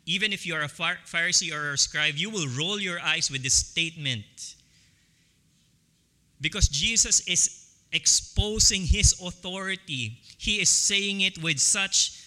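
A man preaching a sermon as pastor, slow and emphatic, repeating key phrases for stress. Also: a little high, sharp tone, long reverb tail.

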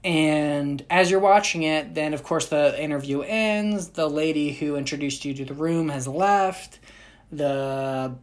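A woman hosting a podcast, telling a story in a casual, animated, jokey way full of asides. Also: low voice, a little slow.

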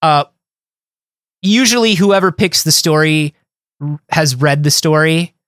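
Higher-voiced man rambling on a dry podcast. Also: unhurried, a bit bright, dry recording. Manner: rambling, loose, filler-heavy phrasing. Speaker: podcast co-host. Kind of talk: casual comedic chat.

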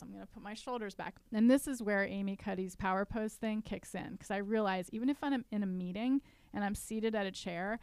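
A woman's voice: medium pitch, clear, resonant tone, no room sound. A woman, an author, talking through her coping steps in a casual podcast conversation, earnest and self-deprecating. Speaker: author and guest.

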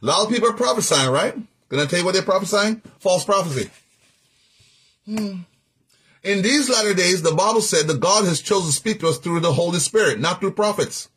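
A man preaching a sermon, teaching scripture in a folksy, animated way, breaking into laughs and sung-out phrases. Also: high voice, brisk, slightly rough.

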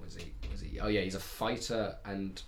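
A man co-hosting a podcast, chatting casually in an excitable, rambling way. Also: low-pitched, normal speed. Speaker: podcast co-host. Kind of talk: casual chat.

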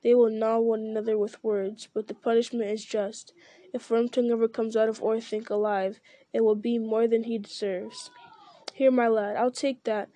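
A woman voicing a stern, commanding old male wizard in a storybook reading, speaking in a measured way. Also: a little high, level tone, mellow, no room sound, lightly acted.

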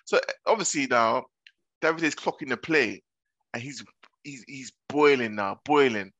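A man's voice: mid-range voice, normal speed, a bit bright, dry recording, highs cut off. A young man retelling reality-show drama in casual slangy chat, voicing the people he quotes.

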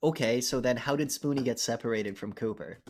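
A man's voice: mid-range voice, fairly quick. A young man co-hosting a movie review podcast, recapping a horror film in casual, profane chat and acting out the characters' lines. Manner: profane, animated retelling with acted-out lines.

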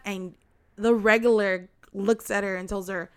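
A woman's voice: mid-range voice, measured pace, clear, resonant tone. A young woman in casual chat, animatedly telling a story and acting out the people in it. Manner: animated storytelling, acts out quoted customers.

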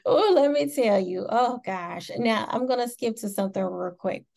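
A woman's voice: a little high, normal speed, gravelly, darkish tone. A woman talk show host, enthusiastic and laughing often, asking questions in a casual interview with many restarts.

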